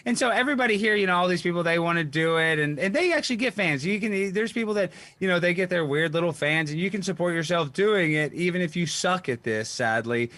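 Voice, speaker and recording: A man's voice: sits high, lively intonation, fast, hardly any pauses, a bit bright, no room sound. A man hosting a podcast in casual chat, blunt and rambling. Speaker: podcast host.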